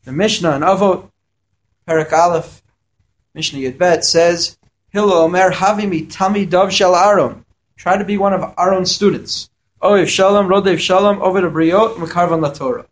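A man with a high voice gives a Torah lesson to yeshiva students. He reads Hebrew verses aloud, translates each one, and asks questions before answering them in an explanatory way. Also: normal speed. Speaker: yeshiva teacher.

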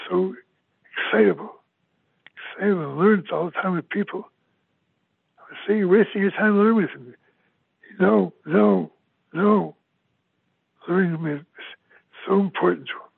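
A man's voice: sits high, creaky, slightly rough, no echo. An older man giving a eulogy, emotional and emphatic, repeating his words often. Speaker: eulogy speaker. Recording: tinny phone-like, dry sound.

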